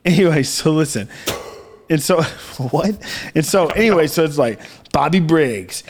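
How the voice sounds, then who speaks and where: A man's voice: on the high side, expressive, a little slow, darkish tone. A man co-hosting a casual comedy podcast, rambling through a bit and laughing often. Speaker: podcast co-host.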